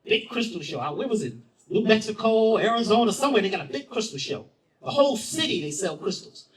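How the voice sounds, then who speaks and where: Male spoken-word storyteller, high-pitched and very animated, dramatic swings in volume, set back from the mic. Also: a little fast, distant mic, low-quality recording. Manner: theatrical, swings from loud to hushed, repeats phrases for effect. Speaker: spoken-word performer at a festival.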